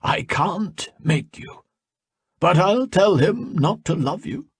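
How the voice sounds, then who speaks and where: A man voicing a stern, withered old wise man in an audiobook, speaking slowly and solemnly. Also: high voice, expressive, husky, no echo, studio quality, voice pushed up, heavily acted. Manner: slow, solemn and deliberate.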